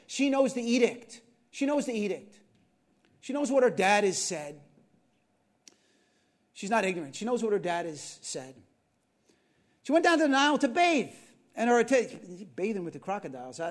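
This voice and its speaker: A man preaching a sermon, retelling a story with asides and frequent questions to his listeners. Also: very high-pitched. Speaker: pastor.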